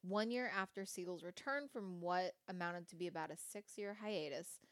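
A hiccuping woman podcaster reads a company history at normal speed in a fairly low voice. Between read passages she drops casual, wry asides and swears now and then. No room sound is audible.

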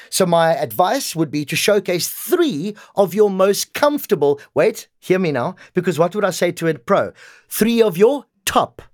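A man's voice: high-pitched, very animated, moderate pace, no room sound, studio quality. A man who coaches voiceover, talking animatedly in a casual interview and slipping into example voices.

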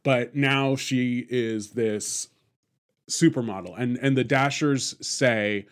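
A man's voice: medium pitch, slow pace. Laid-back chatty man. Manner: rambling, laughs often, many fillers and restarts. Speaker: podcast host. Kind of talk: casual film discussion.

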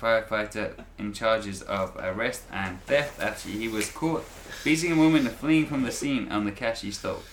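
A man's voice: fairly low pitch, normal speed, few pauses. A man co-hosting a podcast, reading news stories aloud in a casual way, stumbling and repeating words as he goes. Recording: echoey room with faint noise.

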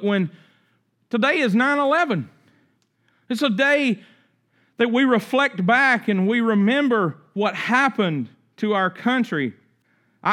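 Man, pastor, sermon, dramatic scripture reading, high, bright and forceful. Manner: dramatic scripture reading, rising and falling intensity.

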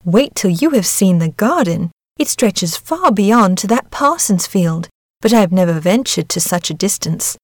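A fussy, proud mother duck, as a woman reads her out, motherly and fretful in a storybook tale. Her voice sits at an everyday middle pitch. The sound is close and dry. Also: lively intonation, moderate pace, no room sound, lightly acted. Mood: fussing.

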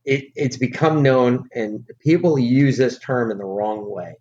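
Here a middle-aged man from the US rambles through casual podcast chat as a co-host, swearing and stressing his points. He speaks at a measured pace in a medium, darkish voice, captured on dull lo-fi audio with faint hiss.

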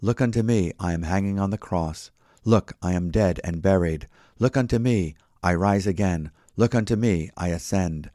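A man's voice: sits low, normal speed, dark tone, dry recording, clean studio sound, close to an everyday voice. A man reading as an emphatic lay preacher. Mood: pleading. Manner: emphatic, repeating pleas. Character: plain-spoken lay preacher, a man urging sinners.

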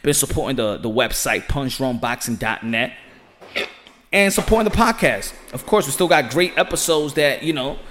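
A man hosting a boxing podcast from home, talking in an excitable, slangy monologue and often saying "ladies and gentlemen". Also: medium pitch, moderate pace, background noise. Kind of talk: animated boxing commentary monologue. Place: home room with children nearby. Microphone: home setup.

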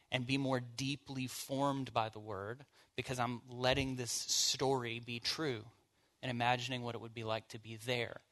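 With a medium-pitched, fairly bright voice, a man runs a church Bible study in a relaxed, conversational style, using casual fillers and asking the group questions.

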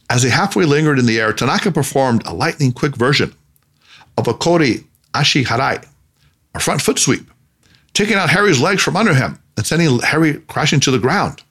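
Expressive male storyteller. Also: on the high side, a little fast, breathy edge. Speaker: narrator. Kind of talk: scripted storybook narration.

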